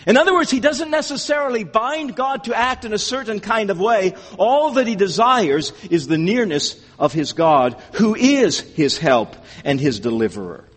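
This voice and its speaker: Guy preaching a sermon, high voice, earnest, repeats his points, big reverby church sound. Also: lively intonation, normal speed, hardly any pauses, a bit bright. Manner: earnest, emphatic, repeats key phrases. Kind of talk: expository sermon.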